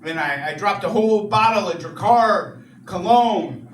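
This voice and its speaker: A young man doing stand-up and crowd work, chatty, with many "you know"s and animated rants. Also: sits high, measured pace, a little hiss or hum. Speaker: stand-up comedian. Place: comedy club. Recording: echoey club from far off, loud crowd laughter.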